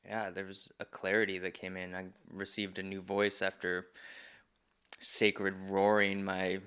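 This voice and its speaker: Deep smooth voiced guy, earnest and reflective, talking as a guest. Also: monotone, measured pace, sharp tone. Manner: earnest, reflective, speaks in a spiritual vocabulary. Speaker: guest, men's group facilitator. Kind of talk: reflective conversation.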